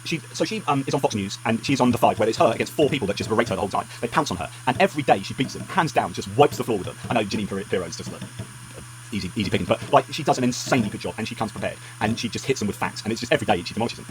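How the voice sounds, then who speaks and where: A man delivering heated commentary in a fast, furious rush. He stumbles over himself and restarts often as he argues. A light background noise sits under his voice. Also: lowish voice, lively intonation. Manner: angry, emphatic, rapid ranting with many restarts. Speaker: political commentary vlogger.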